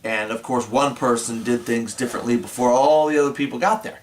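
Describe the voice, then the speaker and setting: A man's voice: medium pitch, fairly quick. A man co-hosting a movie review show, speaking in casual chat and chiming in matter-of-factly with corrections. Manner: matter-of-fact, chimes in with corrections.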